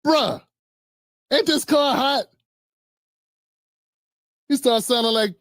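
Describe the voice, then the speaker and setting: A man's voice: very high-pitched, a little slow, long pauses, no room sound, studio quality. A man hosting a live stream, giving sarcastic, joking commentary full of slang and stories.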